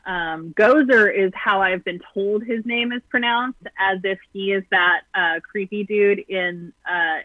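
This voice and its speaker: On a tinny, dry phone line with no room sound, a caller offers political commentary in a medium-pitched voice. The guest comes across as blunt and sarcastic, peppering speech with ums.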